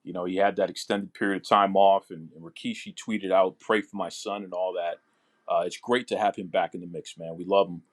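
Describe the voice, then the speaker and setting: A man hosting a wrestling podcast chats casually and eagerly as a fan, often restarting his words. His voice sits low with little pitch movement, and he talks fairly quickly.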